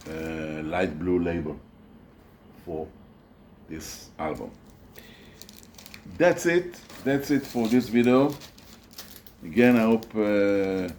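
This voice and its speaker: A man with a very low voice talks slowly through the records he collects, stopping often to search for words. There's a faint noise under the recording. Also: darkish tone. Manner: hesitant, many fillers and restarts. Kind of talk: casual show-and-tell video.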